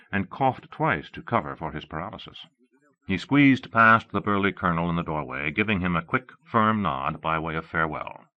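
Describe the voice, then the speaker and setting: A man narrating an audiobook in a measured, expressive reading. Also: deep voice. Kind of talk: scripted narration. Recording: dull lo-fi cassette audio.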